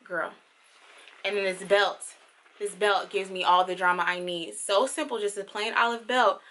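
A young woman chatting casually through a clothing try-on haul, playful and slangy, with sudden high squeals of excitement. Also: moderate pace. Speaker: fashion vlogger.

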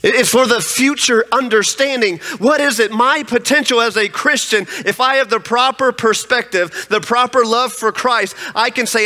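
High, bright-voiced preacher in a reverberant church. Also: male voice, moderate pace, few pauses. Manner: emphatic storytelling. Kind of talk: sermon. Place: church sanctuary.

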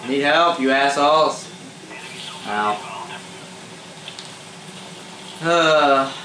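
A young man giving casual live commentary over his own multiplayer matches, swearing freely, quick to get angry and laughing at his own mishaps. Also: medium pitch, sharp tone, a little hiss or hum. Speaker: gamer doing live commentary. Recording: roomy echo with faint ambience.

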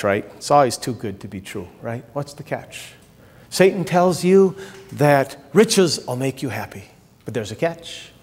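A male pastor preaching a sermon with passion, swinging between soaring high exclamations and low, quiet drops. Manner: impassioned, rising to high exclamations then dropping low. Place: church sanctuary. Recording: long church reverb.

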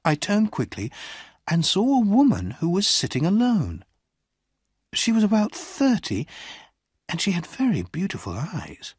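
A male audiobook narrator reads a simple story slowly and deliberately. His pitch rises and falls widely, and his voice has a slight huskiness. The sound is dry and close to the mic. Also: huge pitch swings, darkish tone, slightly rough, no echo. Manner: slow, deliberate reading with wide swings in pitch. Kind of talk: graded-reader storytelling.

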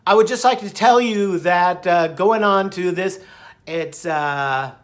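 A man's voice: high-pitched, slow. A middle-aged man talking casually to camera in a rambling, upbeat way, now and then breaking into song. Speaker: vlogger. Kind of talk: casual talk to camera, with bits sung.

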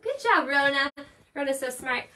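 A woman's voice: high voice, expressive, normal speed, very noisy. A woman hosting a casual livestream at a cat shelter, chatty and giggly, thanking viewers by name. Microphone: phone held in hand.

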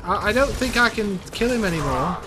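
A man's voice: high-pitched, animated, brisk, noisy background. A young man casually commentating a co-op shooter game, joking, swearing and narrating his own moves. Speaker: gameplay commentator.

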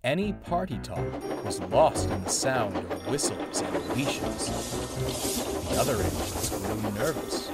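Slow, expressive storybook narrator. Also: male voice, fairly low pitch, loud music behind the voice.

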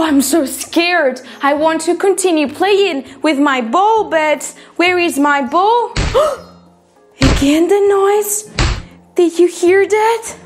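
A young woman teaching English to children, acting out playful pretend fright with big gasps and sing-song lines. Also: very high voice. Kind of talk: acted children's lesson.

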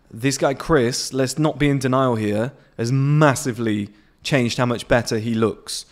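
A man's voice: mid-range voice, a little slow. A man in his late twenties, ranting bluntly and profanely to camera outdoors on his patio. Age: 20s. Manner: blunt, profane, swearing freely. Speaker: men's self-improvement vlogger. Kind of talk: unscripted motivational rant to camera.

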